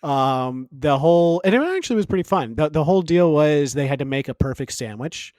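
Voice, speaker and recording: Lively laughing podcast co-host, man. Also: fairly high pitch, a little fast, no room sound. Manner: animated, laughs often, rambling asides. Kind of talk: casual chat.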